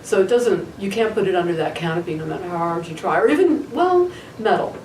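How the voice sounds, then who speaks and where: A woman's voice: on the low side, animated, brisk, a little mellow, distant mic. A woman co-hosts a casual studio chat, voicing strong opinions and teasing her co-host. Her voice sounds set back from the mic in an echoing room. A faint ambient noise runs underneath. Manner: chatty, opinionated, playful teasing. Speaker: podcast co-host.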